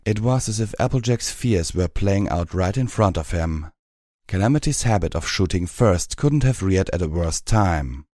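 Brief: low-voiced male audiobook narrator, measured steady read, dry close mic. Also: no room sound.

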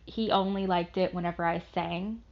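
A woman's voice: fairly low pitch, steady tone, normal speed, vocal fry. A young woman from the American South talking in a casual, rambling monologue, swearing often and poking fun at herself. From Southern United States. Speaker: vlogger. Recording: dull lo-fi recording.

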